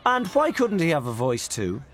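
An excitable, touchy male dinner guest, as a man reading a storybook puts him on. He talks high and insistently, pushing his point. The voice sits well above the reader's usual register. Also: fairly quick, husky, some chatter behind, heavily acted. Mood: sharp.

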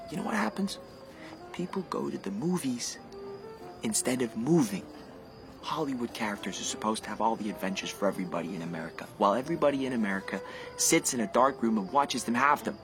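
A man's voice: medium pitch, natural voice. An actor playing a restless, sardonic young man who longs to get away and sometimes sinks to a whisper. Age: young adult. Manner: sardonic, brooding, drops to a whisper. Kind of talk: stage drama acting.

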